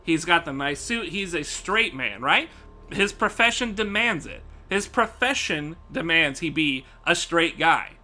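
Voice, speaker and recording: Animated high-pitched male streamer. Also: a little slow. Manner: animated, profane, laughing often. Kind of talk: casual live-stream rant.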